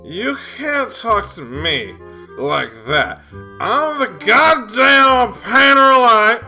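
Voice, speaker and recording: Comedian doing a gravelly foul-mouthed ghost. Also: medium pitch, very animated, extremely slow, bright, forceful tone, soft background music, exaggerated voice. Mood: crude. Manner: swearing, blustering, gravelly. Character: crude foul-mouthed male ghost painter, vengeful. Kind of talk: comedy sketch.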